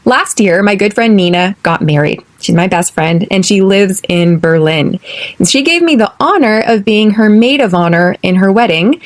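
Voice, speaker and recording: A young American woman from California, hosting an English lesson podcast and speaking clearly and deliberately, slowing down for drills. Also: mid-range voice. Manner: clear, deliberate, slows for repeat-after-me drills. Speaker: podcast host, English teacher.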